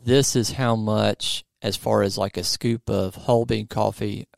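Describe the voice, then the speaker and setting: A man's voice: on the low side, fairly even intonation, unhurried, creaky, dry recording, clean studio sound. A man co-hosting a podcast, chatting casually with plenty of fillers and restarts. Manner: rambling, many fillers and restarts. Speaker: podcast co-host. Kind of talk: casual chat.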